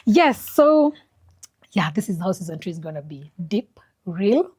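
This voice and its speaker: A woman's voice: mid-range voice, big pitch swings, measured pace, darkish tone, husky. A young woman hosting a casual podcast chat, upbeat and chatty as she asks her guests questions. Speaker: podcast host.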